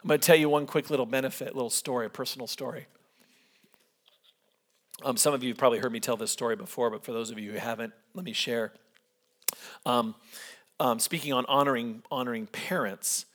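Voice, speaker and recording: A middle-aged man preaches a sermon in a fairly high voice, telling a story from his own life. He acts out the people in it with lively changes of voice. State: a little emotional. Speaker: pastor.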